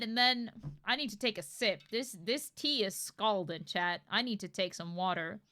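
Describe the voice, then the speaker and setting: A woman streaming a dating game live, reacting expressively and loudly to the story. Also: medium pitch, moderate pace. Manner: expressive, swings into loud reactions. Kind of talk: live stream gaming commentary.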